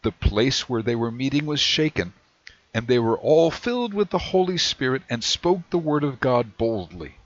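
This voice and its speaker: A man preaching a sermon in a measured way, slowing down whenever he reads scripture aloud. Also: mid-range voice, animated, no room sound. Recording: dry, dull lo-fi recording.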